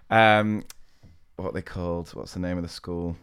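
A man's voice: low-pitched, slow pace, a bit bright, clear, resonant tone, no room sound, studio quality. A man co-hosting a podcast, chatting casually and teasing his co-host. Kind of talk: casual chat.

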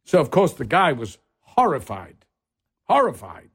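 A theatrical man spins a bawdy anecdote with a voice that sits a touch high and leaps all over the place. He jumps in and out of other people's voices and swears without a second thought, like a guest who loves the telling more than the tale. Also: wildly swooping pitch, measured pace, creaky, a bit bright, husky. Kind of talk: anecdotal storytelling.

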